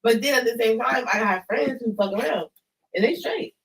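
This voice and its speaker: Young cali dude with a cali accent, cussing and animated, bright voice a bit far from the mic. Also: male voice, very high voice, moderate pace, gravelly, slight background noise. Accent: Californian. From California. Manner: animated, swears a lot, shouts when riled. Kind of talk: casual storytelling chat.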